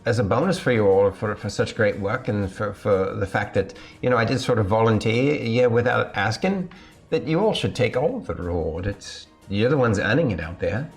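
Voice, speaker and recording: Man putting on an excited, chatty arena gambler. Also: on the low side, normal speed, soft background music. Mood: cheerful. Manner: eager, chatty, thrilled. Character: excitable male arena patron, cheerful gambler.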